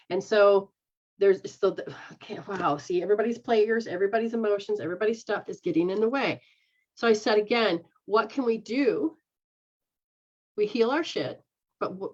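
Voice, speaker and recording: A woman's voice: medium pitch, unhurried, long pauses. Woman giving casual psychic readings, muffled. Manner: frank, swears casually, acts out quoted voices. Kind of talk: live online reading, casual and rambling.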